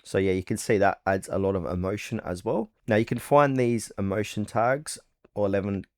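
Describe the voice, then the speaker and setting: A man hosting a software tutorial, walking through the steps in a relaxed, plain instructional way. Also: on the low side, dry recording, clean studio sound. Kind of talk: step-by-step screen-recorded tutorial.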